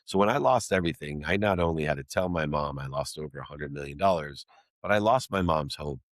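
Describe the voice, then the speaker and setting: A man's voice: extremely low pitch, lively intonation, brisk, no echo, studio quality. A middle-aged man, a guest in an interview, telling a personal story in an earnest, emphatic way with alliterative phrasing.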